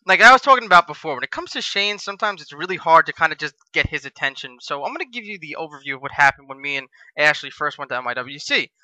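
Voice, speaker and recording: A man co-hosting a casual podcast, telling lively stories and acting out the people in them. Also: on the high side, fast, few pauses, dry recording, rough recording. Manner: animated, acts out quoted voices with profanity. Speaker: podcast co-host, wrestler.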